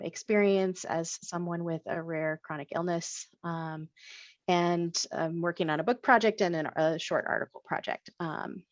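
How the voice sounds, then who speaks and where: A woman associate professor introducing her research on a webinar, measured and thoughtful with some fillers. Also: lowish voice, no room sound. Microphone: video call. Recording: dull dry video call audio.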